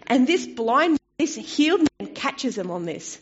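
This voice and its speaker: A woman preaching a sermon in a conversational way, turning expressive when she quotes scripture. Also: sits high, a little slow, few pauses, slightly rough. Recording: dull lo-fi recording.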